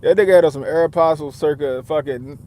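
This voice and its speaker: A man's voice: a little high, quick pace, a little mellow. A man giving a casual, profane commentary, rambling and often repeating himself as he restarts his thoughts. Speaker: father.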